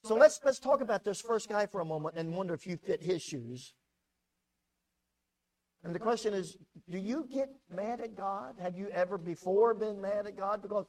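A male pastor delivering a sermon in an emphatic, animated way. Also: high voice, normal speed, low-quality recording.

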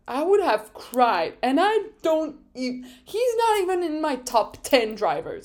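Excitable young woman, slow chatty delivery. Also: a little high. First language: French. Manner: chatty, excitable, laughs often. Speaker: podcast host. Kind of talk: casual solo chat.

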